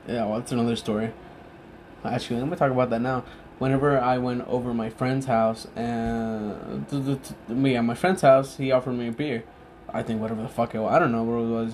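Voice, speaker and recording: A drunk young man talking in a casual, rambling monologue, halting often, losing his thread and swearing freely. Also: mid-range voice, darkish tone, slight background noise.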